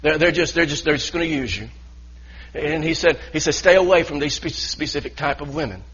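A man's voice: a little high, a little fast, fairly bright tone, breathy edge, dull audio. A man preaching a sermon as pastor, earnest and full of restarts and repeated words.

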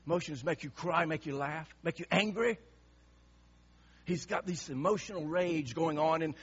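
A man's voice: on the high side, normal speed, breathy edge, highs cut off. A male pastor preaching an impassioned sermon, emphatic and repeating words for effect.

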